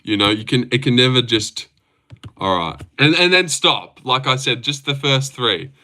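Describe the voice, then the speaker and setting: Bright-voiced Australian streamer, swearing a lot. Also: male voice, mid-range voice, expressive, normal speed. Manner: rambling, swears often, laughs a lot. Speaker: livestream host. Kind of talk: casual livestream chat reading comments.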